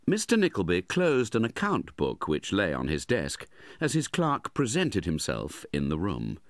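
A man narrating a classic novel as an audiobook, measured and expressive. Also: low-pitched, no room sound, clean studio sound.

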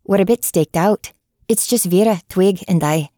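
A woman voicing a light, breathy female hunter with an Irish accent. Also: mid-range voice, moderate pace, mellow, no echo, studio quality, natural voice. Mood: cheery.

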